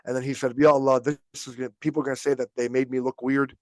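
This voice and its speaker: Here the male host has a medium-pitched, slightly mellow voice that stays level while he speaks rapid-fire, captured in a dry recording. He delivers an informal religious history lesson in storytelling fashion, dramatizing quotes and laughing at points.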